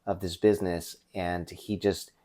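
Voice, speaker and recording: A man's voice: low-pitched, flat delivery, measured pace, dark tone. A man in his forties hosting a casual, unscripted movie review, rambling with frequent restarts. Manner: rambling, with many restarts and fillers.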